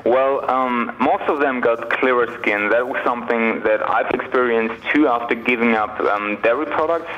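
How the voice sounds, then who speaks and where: A man's voice: medium pitch, moderate pace, few pauses, slight background noise. German man, chatty, on a muffled line. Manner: relaxed, chatty, many fillers. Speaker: guest author. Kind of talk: phone-in radio interview.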